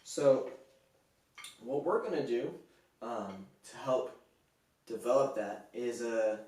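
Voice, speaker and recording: A man teaching snare drum in a relaxed, casual way, counting beats aloud with frequent fillers. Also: mid-range voice, slow pace, slight background noise. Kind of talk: casual instructional talk. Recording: echoey room, distant from the mic.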